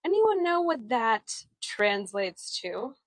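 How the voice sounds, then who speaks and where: A woman's voice: a little high, big pitch swings, slow, dry recording, poor audio. A woman guiding a live virtual walking tour outdoors, talking into a phone camera in a chatty, friendly way with many fillers and restarts, often laughing at herself. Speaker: tour guide. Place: outdoors on town streets.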